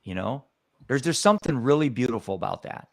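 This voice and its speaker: A man's voice: mid-range voice, lively intonation, fairly quick, no echo. A man, a guest on a talk show, telling a personal story in an earnest, emotional way. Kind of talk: storytelling in a conversation.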